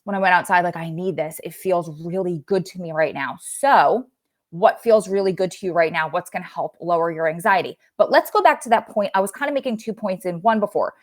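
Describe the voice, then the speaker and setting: A woman's voice: on the low side, brisk. Chatty woman hosting a livestream. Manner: chatty, rambling, loses her train of thought. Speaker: livestream host. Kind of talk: casual livestream chat.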